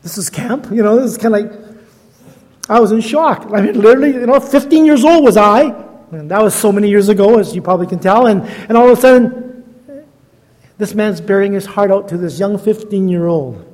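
A man's voice: high voice, fairly quick, darkish tone, big-room sound. A man in his sixties, a guest preacher, telling stories in a chatty, self-deprecating sermon. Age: 60s. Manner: chatty, self-deprecating, laughs at own jokes. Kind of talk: storytelling sermon.

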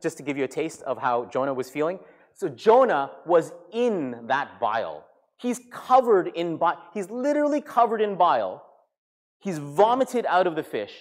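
A man preaching a sermon with lively, animated storytelling. His voice sits a little on the high side, and he slips in and out of acting out the people in his story. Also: moderate pace. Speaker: pastor.

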